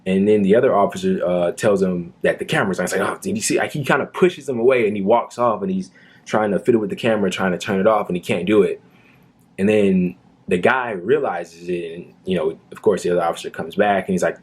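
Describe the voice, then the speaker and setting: A man's voice: low-pitched, fast talker, husky. A man giving indignant reaction commentary on a news video, talking earnestly with frequent fillers like "um" and "you know.".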